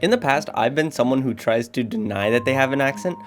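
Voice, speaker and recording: A teenage man with a slight North Dakota accent hosts a comedic vlog in a sarcastic, self-deprecating way. His pitch swings widely as he jokes. Faint music runs quietly in the background. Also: lively intonation, brisk. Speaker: YouTuber.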